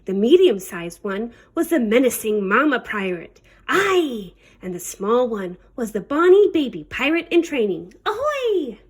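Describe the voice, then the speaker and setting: A woman's voice: fairly high pitch, very animated, normal speed, hardly any pauses, a little mellow, husky. A woman librarian reading a children's picture book aloud, with playful pirate talk. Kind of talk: storybook read-aloud.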